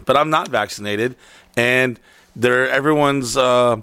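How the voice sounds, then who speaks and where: A man chatting casually and telling a story, swearing often and deadpan in his delivery. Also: mid-range voice, a little slow, clear, resonant tone, no room sound. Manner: profane, deadpan.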